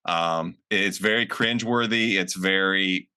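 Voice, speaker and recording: A man's voice: sits low, measured pace, sharp tone, clear, resonant tone. A middle-aged man co-hosting a casual movie review podcast, sarcastic and rambling with plenty of fillers. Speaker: podcast co-host.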